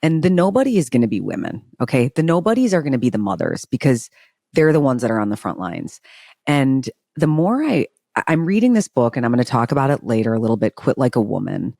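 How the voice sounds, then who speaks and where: A woman co-hosting a podcast who mostly listens and backs her partner up. When she makes her own point she talks quickly and with conviction. Her voice is recorded close and dry. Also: rumbling low, sing-song, vocal fry, dark tone, dry recording. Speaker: podcast co-host. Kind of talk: casual chat.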